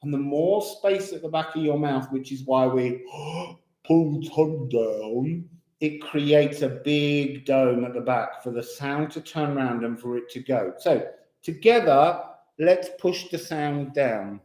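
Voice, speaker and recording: A man's voice: on the high side, unhurried, a little mellow. A man from England with a Kent accent, teaching a voice lesson in a chatty way, laughing often and counting breaths aloud. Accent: English, Kent. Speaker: singing teacher. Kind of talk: voice lesson, guided exercise. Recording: roomy echo.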